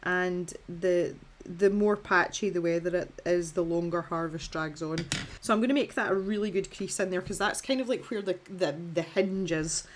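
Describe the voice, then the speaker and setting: Barely pausing, a Scottish woman in her thirties chats through a colouring tutorial at normal speed, poking fun at herself and using fillers and restarts. Her voice is on the low side, and the recording carries a slight hiss or hum.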